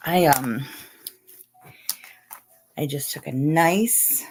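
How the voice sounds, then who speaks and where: A middle-aged woman hosts a casual live chat, greeting viewers one by one. Her voice sits a little low. She laughs often and keeps the talk loose. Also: extremely slow, background noise. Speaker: livestream host.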